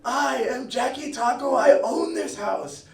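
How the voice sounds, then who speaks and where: A man's voice: high-pitched, lively intonation, fast talker, a little hiss or hum, voice pushed up. A man telling a story puts on a blunt, irate older woman homeowner who talks in clipped broken English, heard in an echoey room from far off. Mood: angry.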